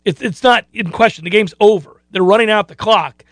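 A man's voice: high-pitched, fairly quick, a bit bright, dry recording. A man hosting a sports talk radio show, chatting casually and acting out other people's lines.

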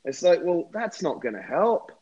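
A man telling a story in casual conversation, animated and repeating words as he gets going. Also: fairly high pitch, moderate pace, breathy edge, lo-fi sound. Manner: animated, repeats words when excited, says "mate". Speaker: podcast guest, former rugby player and endurance athlete.

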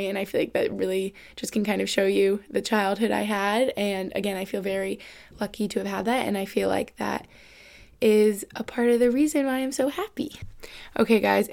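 Speaking at normal speed with a medium pitch, level tone and vocal fry, this podcast host rambles casually with many fillers. She's a young woman from Albany in upstate New York, USA, talking solo into a USB-adapter podcast mic at her computer.

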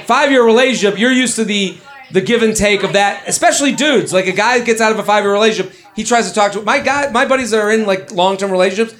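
A man hosting a live comedy show, rambling and joking in quick asides. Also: sits high. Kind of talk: live comedy advice banter. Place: live venue with an audience. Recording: lively audience crowd behind.

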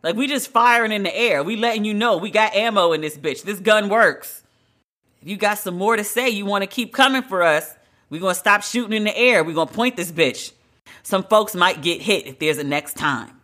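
Bright-voiced woman hosting a podcast. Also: medium pitch. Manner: emphatic, blunt and conversational, drawn-out stresses. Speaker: podcast host. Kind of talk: solo podcast commentary.

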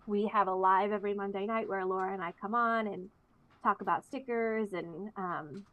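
A young woman, a therapist guesting on an interview show, chatting casually with lots of laughter and animated storytelling. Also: medium pitch, moderate pace. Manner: giggly, lively, animated storytelling.

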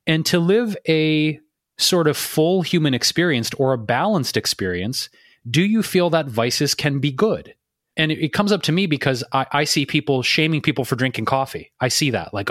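A man's voice: fairly high pitch, lively intonation, moderate pace, fairly bright tone, no room sound. Rambling male podcast host, dry. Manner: rambling, laughing questions. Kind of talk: casual podcast interview.

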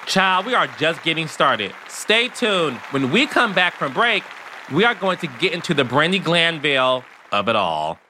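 A man's voice: fairly high pitch, sing-song, moderate pace, bright, forceful tone, some chatter behind, slight background noise. A man hosting his own podcast, talking in an emphatic, sassy commentary style and calling listeners "child". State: emotional, near tears. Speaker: podcast host. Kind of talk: casual commentary monologue.

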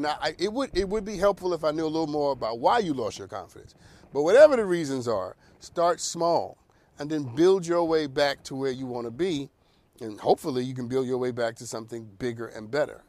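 A man hosting a talk show, giving advice in an animated, preacher-like cadence. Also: fairly high pitch, no room sound.

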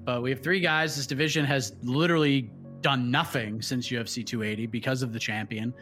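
A man's voice: mid-range voice, fairly even intonation, brisk, fairly bright tone, faint music behind. A man hosting a panel show, putting questions to guests in a playful quizmaster way. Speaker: host. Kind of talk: game-style panel hosting.

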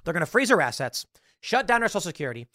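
A man's voice: high-pitched, very animated, racing, sharp tone, no echo, studio quality. A man hosting a podcast, telling a story in a casual, sarcastic way and acting out the voices of the people he quotes. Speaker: podcast host. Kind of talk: casual commentary.

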